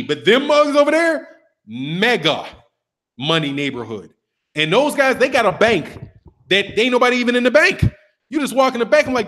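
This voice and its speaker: A middle-aged man hosting a boxing channel, talking in a casual, animated, profane monologue. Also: sits high. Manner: animated, profane, acts out voices of others.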